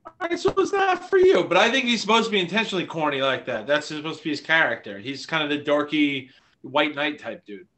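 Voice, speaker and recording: A man's voice: on the high side, big pitch swings, fast, a bit bright. A man co-hosting a casual podcast, teasing and sarcastic. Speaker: podcast co-host. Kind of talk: casual chat.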